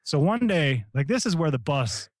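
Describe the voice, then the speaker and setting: A middle-aged American man, a retired Army Ranger, telling stories in casual talk, animated and profane, shouting out the lines he quotes. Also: on the high side, moderate pace, dry recording, studio quality. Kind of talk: casual storytelling.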